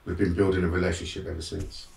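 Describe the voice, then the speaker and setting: Deep gravelly man, roomy sound. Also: quick pace, recorded from a distance. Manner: frank, streetwise, animated in re-enacted moments. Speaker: guest, motivational speaker. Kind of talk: candid personal storytelling.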